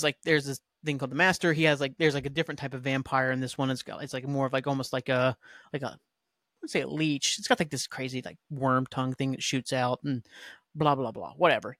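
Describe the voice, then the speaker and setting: A man's voice: medium pitch, bright, forceful tone, no echo, studio quality. A man hosting a podcast, ranting casually with lots of swearing and filler words. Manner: profane, ranting, heavy use of "like". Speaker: podcast host.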